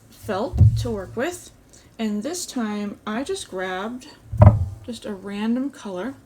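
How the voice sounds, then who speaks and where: A woman hosting an embroidery tutorial, calmly explaining each step as she works with her hands at a table. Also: mid-range voice, noisy background. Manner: calm, step-by-step explaining while stitching. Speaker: embroidery channel host.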